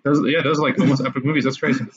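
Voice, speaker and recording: A man's voice: mid-range voice, flat delivery, racing, a little hiss or hum. A man hosting a podcast in casual chat, easygoing and steering the talk. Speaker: podcast host. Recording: muffled lo-fi audio.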